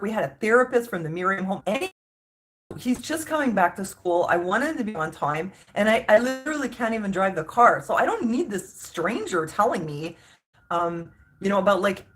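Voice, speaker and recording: Woman vlogger, mid-pitched, exasperated casual rant with emphatic stress. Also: fairly bright tone. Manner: exasperated, emphatic, many restarts.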